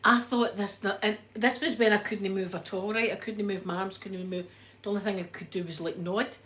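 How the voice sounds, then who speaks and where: A woman's voice: mid-range voice, brisk. Glaswegian woman chatting to her livestream chat, bit breathless, faint hiss behind her. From Scotland. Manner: chatty, animated storyteller, reads out chat names. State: a bit breathless after illness. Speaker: livestream host. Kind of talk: casual chat with live viewers.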